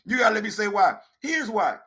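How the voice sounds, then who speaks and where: A man hosting a talk show and telling a comedic story in an animated way, swinging from low mutters to loud outbursts and repeating phrases for emphasis. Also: brisk, slightly rough. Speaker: podcast host.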